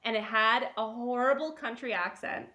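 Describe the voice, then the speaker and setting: A woman's voice: fairly high pitch, moderate pace. A woman who works as a casting director and producer, telling stories in a casual interview and laughing often. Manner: animated, laughing storyteller. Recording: roomy echo.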